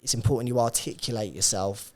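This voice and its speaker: Young guy on a podcast mic, casual chat, tells stories fast and animated. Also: medium pitch. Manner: animated storyteller, quick bursts. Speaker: podcast co-host.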